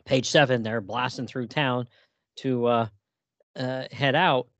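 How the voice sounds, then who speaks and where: A man co-hosting a casual comic book podcast, relaxed and full of fillers, often laughing. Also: medium pitch, takes it slowly, no room sound. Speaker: podcast co-host.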